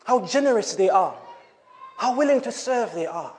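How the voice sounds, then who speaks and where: A man preaching a sermon in an animated way, breaking into laughing asides. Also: sits high, moderate pace.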